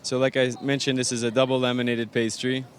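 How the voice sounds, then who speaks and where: Talking fast in a level, medium-pitched voice, an Arizona man who owns a bakery and works as a pastry chef explains his pastries thoroughly, with fillers, during an on-site interview as traffic hums faintly outdoors.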